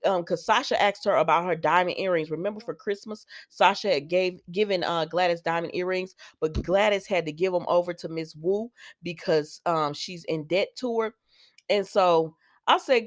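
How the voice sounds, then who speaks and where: A woman's voice: lowish voice, normal speed, no echo, clean studio sound. A woman recapping a soap opera episode in casual, rambling talk, often stopping to talk back to the characters. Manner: chatty, digressive, talks back to the characters.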